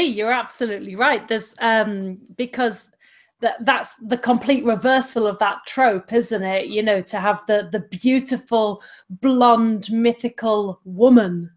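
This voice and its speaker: A woman with an English accent hosting a livestream, chatty and reading out donations and viewer questions. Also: mid-range voice. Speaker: host. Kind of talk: livestream chat.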